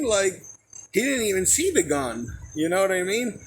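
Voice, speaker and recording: A young man casually telling a personal story in a rambling, profane, animated way, with a noisy background. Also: high voice, unhurried. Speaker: storyteller recounting a personal experience.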